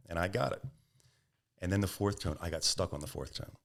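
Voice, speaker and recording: A man's voice: low voice, brisk, gravelly, long pauses. A middle-aged man, a podcast guest, telling long stories in an interview and acting out the people in them. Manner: animated anecdotes, acts out quoted voices, laughs. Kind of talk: storytelling interview answers.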